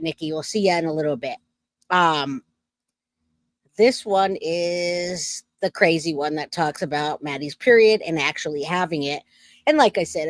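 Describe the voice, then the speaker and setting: A woman's voice: fairly low pitch, no echo. A woman hosting a casual true crime livestream, chatting and reading out viewer comments.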